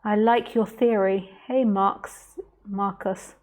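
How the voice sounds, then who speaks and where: A woman teacher speaking in a calm, unhurried way, with a voice of ordinary middle pitch. She talks straight to the listener during a live-streamed spiritual talk and stops now and then to read out viewer comments. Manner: slow, soft and reflective, addressing the listener directly.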